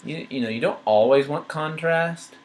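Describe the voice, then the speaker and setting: A man giving an art critique, talking through changes thoughtfully with many pauses, fillers and restarts. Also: on the high side, low-quality recording. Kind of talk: painting critique while editing on screen.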